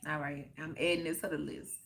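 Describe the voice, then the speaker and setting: A woman chatting on a live stream, reflective and unhurried, saying "like" and "oh my goodness" often and reacting emotionally to her viewers. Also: deep voice, level tone, fairly bright tone. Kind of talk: casual live stream chat.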